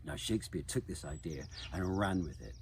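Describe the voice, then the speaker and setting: A man's voice: sits low, animated, brisk, gravelly, a little hiss or hum. A man explaining poetry in an educational voice-over, chanting the beats aloud to show the rhythm.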